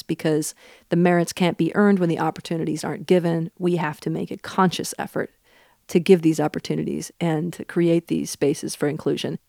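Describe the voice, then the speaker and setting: A woman in her thirties with a Southern accent answers interview questions earnestly, thinking aloud with plenty of fillers. Her voice sits low for a woman and carries a gravelly fry. The recording is close and dry. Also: warm tone, no room sound. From Pacific Northwest. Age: 30s. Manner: earnest and reflective, with frequent fillers. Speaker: interview guest, country singer. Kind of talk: thoughtful interview talk.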